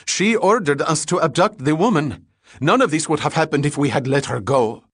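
A man's voice: animated, normal speed, breathy edge, no room sound, clean studio sound. A man voicing a captured male henchman who pleads desperately in an audiobook. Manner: high, loud, desperate pleading.

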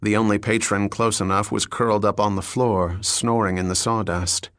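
A man narrating an audiobook in a steady, even storytelling manner. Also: on the low side, moderate pace, few pauses, dry recording, studio quality.

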